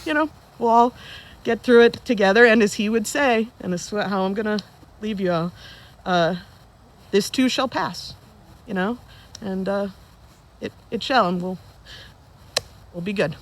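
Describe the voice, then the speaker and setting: A woman in her forties giving a eulogy for her father at a funeral service, telling funny stories in a relaxed, conversational way to the people gathered. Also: medium pitch, moderate pace, pauses often. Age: 40s. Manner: conversational, humorous storytelling. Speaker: eulogist, daughter of the deceased.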